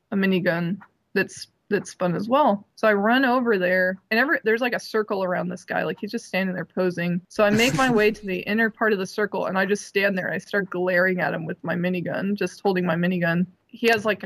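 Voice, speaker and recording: A young woman telling a story in casual chat, full of fillers and squealing high when she quotes herself.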